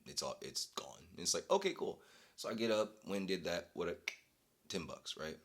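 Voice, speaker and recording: Vlogging casually, a young man recounts an exasperating story with animation and breaks into laughter. His voice sits low and moves a little fast.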